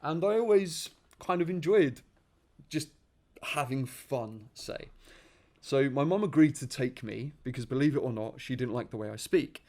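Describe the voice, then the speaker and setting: A young man from Essex with a softened local accent, hosting his own podcast and reflecting earnestly, often repeating words as he searches for them. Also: medium pitch, expressive, normal speed. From Essex, England. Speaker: podcast host, personal trainer. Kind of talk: reflective personal monologue.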